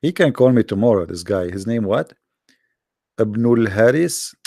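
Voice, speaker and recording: A man hosts a live call-in debate, mocking and sarcastic, with his voice worn out after hours of talking. His tone is dark and gravelly, and the sound is dry and close. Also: fairly low pitch, expressive, normal speed, no room sound. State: tired, worn-out voice.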